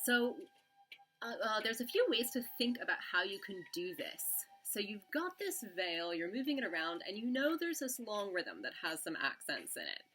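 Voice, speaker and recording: A woman from the UK teaching a dance lesson, explaining in a relaxed, casual way with some filler words. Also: mid-range voice, moderate pace, few pauses, breathy edge, faint music behind. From United Kingdom. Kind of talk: casual instructional talk.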